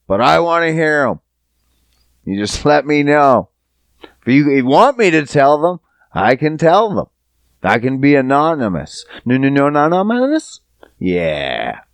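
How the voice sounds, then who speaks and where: A man's voice: fairly high pitch, sing-song, measured pace, no room sound. A man hosting a podcast who talks to his listeners in a casual, rambling monologue, swearing freely and joking. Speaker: podcast host.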